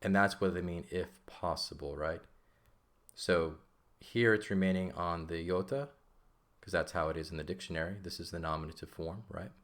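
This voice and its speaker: Low-voiced man teaching patiently. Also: moderate pace, a bit bright. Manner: patient, checks in with frequent "okay?" and "right?". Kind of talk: classroom explanation of a textbook.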